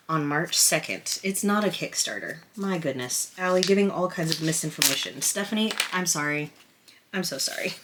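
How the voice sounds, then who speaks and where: A woman with a slightly low-pitched voice talks to her viewers from behind a camera on a stand. She unboxes a tarot deck in a casual, chatty way, gushing and flustered, often restarting her sentences. She is openly emotional and near tears. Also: a little hiss or hum. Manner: excited, flustered and rambling, with many restarts. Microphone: camera on a stand at a table.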